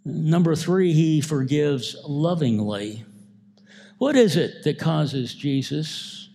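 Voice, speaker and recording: A male pastor delivering a sermon, slow and emphatic, building through repeated phrases. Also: fairly high pitch, lively intonation, vocal fry, warm tone.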